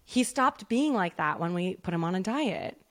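Expressive, foul-mouthed woman co-host. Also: fairly low pitch, moderate pace. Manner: expressive, profane, acts out voices in stories. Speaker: podcast co-host. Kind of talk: casual chat.

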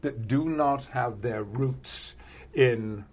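An older man with a British accent, a guest in a relaxed interview who talks haltingly and chuckles often. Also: medium pitch, a little hiss or hum. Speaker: actor guest. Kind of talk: casual interview chat.

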